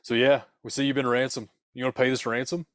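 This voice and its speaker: A man's voice: mid-range voice, little pitch movement, quick pace, a bit bright, no room sound, studio quality, voice pushed up, close to an everyday voice. A man putting on the voice of a lazy, dismissive bro-talking security consultant in a spooky told story. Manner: lazy, scoffing, casual "bro" talk. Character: slacker bro incident-response guy, dismissive adult man.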